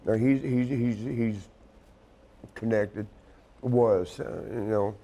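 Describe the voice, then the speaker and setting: Low, mellow-voiced man telling a rambling, tearful story. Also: fairly even intonation, slow pace. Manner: rambling, profane, choked up. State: crying. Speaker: wrestling show guest. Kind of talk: emotional storytelling chat.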